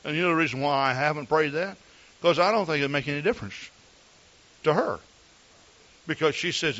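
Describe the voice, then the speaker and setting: A pastor preaching in a folksy, earnest storytelling manner, his voice on the higher side for a man and animated, rising and falling as he tells his tales. The recording is slightly dull and lo-fi. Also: fairly quick, long pauses. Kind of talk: sermon with personal stories.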